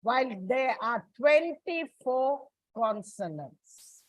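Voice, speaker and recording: A woman's voice: sits high, very animated, slow, no room sound, poor audio. A woman from India giving a classroom lecture as an English teacher, explaining step by step with frequent restarts and fillers.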